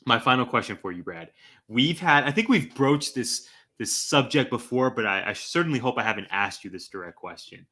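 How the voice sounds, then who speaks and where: A man's voice: mid-range voice, a little fast. A man hosting a wrestling podcast, plugging the channel and steadily putting questions to his co-host. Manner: steady, asks questions, reads tweets aloud. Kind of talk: casual chat with listener plugs.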